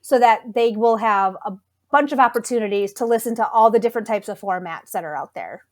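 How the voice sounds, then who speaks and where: A woman school librarian chatting in an interview, her voice sitting a bit on the high side. She talks things through thoughtfully and warms up with enthusiasm. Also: fairly quick. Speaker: school librarian, podcast guest. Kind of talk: conversational interview.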